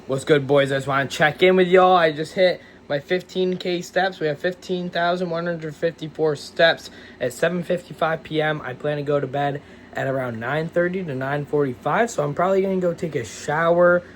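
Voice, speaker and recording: A man's voice: a little high, fairly even intonation, normal speed, slight background noise. A young man talking casually to the camera in a fitness vlog, loose and jokey, swearing often and calling his viewers "boys". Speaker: fitness vlogger.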